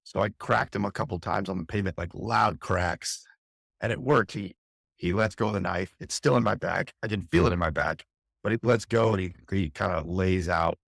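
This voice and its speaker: A man's voice: low voice, normal speed, vocal fry, a bit bright, no echo, clean studio sound. A middle-aged man, a fire captain, recounting a harrowing experience intensely and candidly in an interview, often restarting his phrases. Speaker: fire captain, podcast guest.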